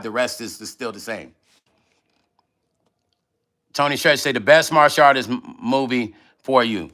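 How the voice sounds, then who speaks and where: A man's voice: mid-range voice, bright, forceful tone. A middle-aged man hosting a casual livestream, reading out viewer comments and talking loosely, often repeating himself, while eating. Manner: loose, conversational, repeats himself when emotional. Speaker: livestream vlog host.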